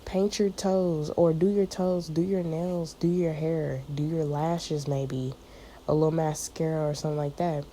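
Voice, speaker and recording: A woman's voice: sits low, fairly even intonation, unhurried, mellow, a little hiss or hum, low-quality recording. A woman chatting casually to her viewers about a spiritual message, rambling and searching for words, with lots of fillers and calling them y'all. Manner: addresses listeners as y'all. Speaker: channel host giving a prophetic word. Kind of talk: casual spiritual vlog talk.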